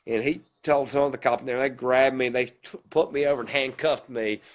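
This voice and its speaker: A man's voice: medium pitch, fairly even intonation, a little fast, dull audio. Guy rambling thru a long story on a podcast, quoting everybody. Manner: rambling retelling with many "he said, I said" quotes. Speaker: podcast co-host. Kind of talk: casual storytelling.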